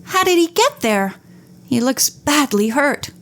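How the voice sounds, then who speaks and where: A woman's voice: sits high, very animated, a little slow, fairly bright tone, voice pushed up, heavily acted. A woman voicing a self-possessed young woman detective who speaks firmly and decisively. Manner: firm, decisive.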